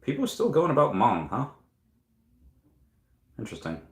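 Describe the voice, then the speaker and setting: A man's voice: mid-range voice, huge pitch swings, normal speed, roomy sound. A man hosting a casual livestream from home, reading viewer comments aloud and thinking aloud with lots of fillers. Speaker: crypto livestream host. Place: room at home at night.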